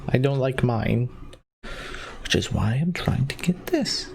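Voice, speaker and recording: A man's voice: mid-range voice, expressive, slow, vocal fry, darkish tone, a little hiss or hum. A man streaming a horror game, joking and swearing in casual commentary.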